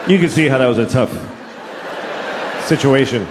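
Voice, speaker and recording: A middle-aged man doing a stand-up comedy set, ranting and profane, with sudden mock-outraged yells. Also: mid-range voice, expressive, moderate pace, noisy background. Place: large theater stage before a laughing audience. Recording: roomy live venue with loud crowd.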